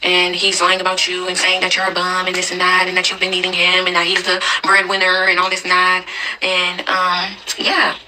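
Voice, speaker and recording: Fast-talking bright woman telling a story. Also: fairly low pitch, completely flat delivery, a little hiss or hum, low-quality recording. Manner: fast, chatty, retelling in second person. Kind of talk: casual storytime monologue.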